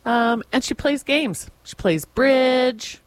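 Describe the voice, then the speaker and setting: A woman co-hosting a radio show, relaxed, summarizing a story with plenty of fillers and soft hums. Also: sits high, takes it slowly, no room sound. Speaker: radio co-host. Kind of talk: casual radio chat. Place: radio studio. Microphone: studio microphone.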